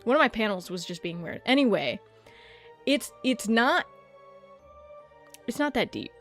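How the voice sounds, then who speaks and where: A woman streamer chatting casually and rambling about practicing a deeper voice, self-deprecating and swearing freely. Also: sing-song, a little slow, a bit bright, faint music behind. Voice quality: slight lisp-like clicking from a tongue piercing. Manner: experimenting with pitching her voice deeper. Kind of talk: casual livestream chat.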